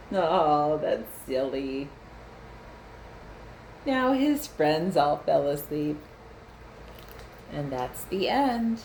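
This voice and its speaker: A grandmother reads a picture book to a child, slow and unhurried. Her voice sits a little low and stays gentle. She plays along with the story and asks the child questions. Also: very animated, slight background noise. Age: older. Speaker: grandmother reading aloud. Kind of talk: storybook read-aloud to a child.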